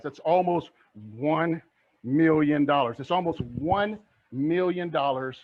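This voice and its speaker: A middle-aged man giving an energetic motivational talk on real estate investing, asking his audience rhetorical questions. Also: on the high side, highs cut off. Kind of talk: motivational online presentation.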